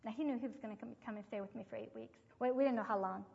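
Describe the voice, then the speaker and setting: An older woman with a fairly high voice teaches about parenting, telling stories with lively acted quotes. The recording is muffled, and her voice rings out in an echoey hall. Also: very fast, vocal fry. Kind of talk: devotional teaching talk.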